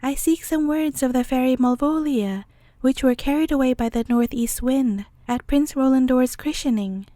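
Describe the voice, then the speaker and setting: A woman's voice: high-pitched, normal speed, few pauses, warm tone, dry recording, close to an everyday voice. A woman reading a storybook, speaking as a brave, loyal male poodle in an earnest, helpful way.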